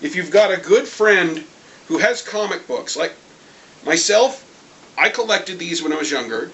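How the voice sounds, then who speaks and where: A man ranting as a comic book fan vlogger in an angry review, excitable and swearing often. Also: fairly high pitch, unhurried, poor audio.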